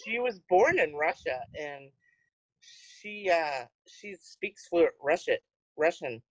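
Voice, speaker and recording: A woman co-hosting a podcast in casual chat, rambling through her thoughts with many pauses. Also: low voice, animated, no room sound, muffled recording. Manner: rambling, hesitant with fillers. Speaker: podcast co-host.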